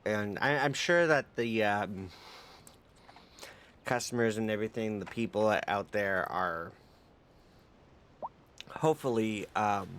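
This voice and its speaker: A male livestreamer chatting casually with his viewers in a relaxed, rambling way, with many fillers. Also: on the low side, takes it slowly, long pauses, clean tone.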